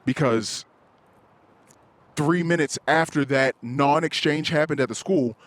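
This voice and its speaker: A man's voice: on the high side, measured pace. A man hosting a podcast, talking candidly and self-critically in a rambling way, swearing often and acting out heated quotes. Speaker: podcast host. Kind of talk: candid solo podcast confession.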